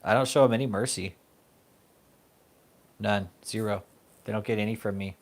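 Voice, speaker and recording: A man's voice: lowish voice, fairly even intonation, normal speed. A man hosting his own channel, ranting casually, swearing often and laughing a lot between rambling remarks. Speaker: channel host. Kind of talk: casual vlog rant.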